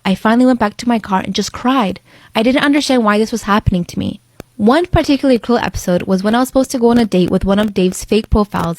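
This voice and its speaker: A woman reading a personal story aloud in a brisk, dramatic way. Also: medium pitch, a little mellow, dry recording.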